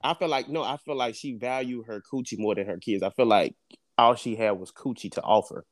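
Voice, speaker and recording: A man's voice: mid-range voice, a little fast, no room sound, studio quality. A young man tells a story in casual podcast chat, swearing and laughing often. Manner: animated, profane, laughs often. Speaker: podcast co-host.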